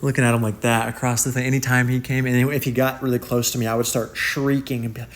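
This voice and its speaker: A man's voice: medium pitch, fast. A young man telling wild personal stories in a casual, slangy monologue. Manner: slangy, animated, acts out quotes in shifting voices. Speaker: content creator telling life stories.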